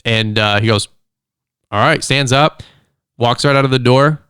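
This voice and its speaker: A middle-aged man hosting a casual solo podcast, chatty and animated, acting out quick quoted voices as he tells stories. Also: medium pitch, clear, resonant tone, no echo, clean studio sound. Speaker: podcast host, lawn care business owner. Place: studio.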